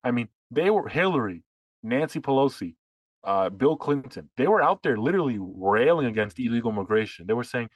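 A man's voice: mid-range voice, very animated, a little fast, no echo, rough recording. A man co-hosting a political podcast who talks in long, sarcastic runs with frequent restarts. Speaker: podcast co-host. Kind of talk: casual political chat.

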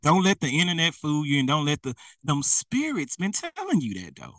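A man's voice: fairly high pitch, wildly swooping pitch, brisk, a bit bright, no echo, recorded from a distance, low-quality recording. A man preaching a sermon, emphatic and repetitive, speaking straight to his listeners.

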